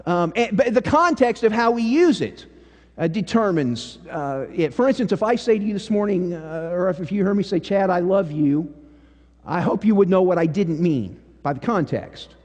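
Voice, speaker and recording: Folksy pastor preaching in a hall. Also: male voice, sits high, lively intonation, moderate pace. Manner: folksy storytelling, drops to a hush for serious parts. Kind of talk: sermon. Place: church sanctuary. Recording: church hall reverb.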